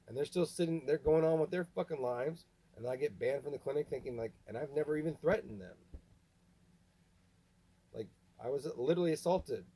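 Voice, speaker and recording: A man delivering an angry, halting rant to camera, full of restarts and swearing. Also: medium pitch, dark tone, breathy edge, poor audio. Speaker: vlogger. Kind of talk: ranting monologue to camera.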